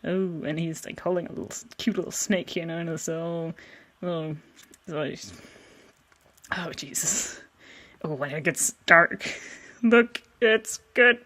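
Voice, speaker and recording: A woman's voice: fairly low pitch, a little slow, pauses often, pushed and bright. A young woman casually commenting on her old artwork, self-mocking, swearing and laughing often, often trailing off mid-sentence. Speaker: vlogger.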